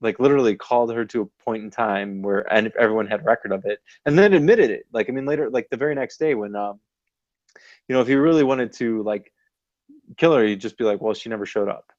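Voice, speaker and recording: A man co-hosting a podcast, chatting casually in an animated, rambling way with lots of fillers, a little tipsy. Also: medium pitch, brisk, no echo, dull audio. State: slightly tipsy. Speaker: podcast co-host. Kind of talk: casual chat.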